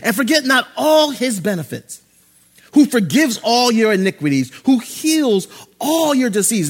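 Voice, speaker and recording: A male pastor preaching a sermon, swinging from loud, excited preaching to low, hushed tones. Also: unhurried, slightly rough.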